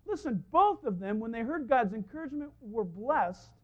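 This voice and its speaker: A pastor preaches with lots of rise and fall in his voice, animated and storytelling. He slips into the voices of the people in his stories. The recording sounds dull and lo-fi. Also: very high-pitched, normal speed. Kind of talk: sermon.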